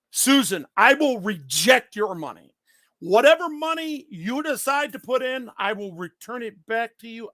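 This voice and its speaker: Blunt, confrontational male streamer; high, gravelly voice, swears freely. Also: bright, forceful tone, dry recording. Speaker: livestreamer answering his chat. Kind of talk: casual livestream chat.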